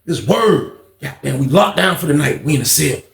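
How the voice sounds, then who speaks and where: Man, gravelly voice, casual storytime, profane, echoey room. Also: on the high side, normal speed. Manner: animated, profane, acts out other people's lines. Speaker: storyteller, channel host.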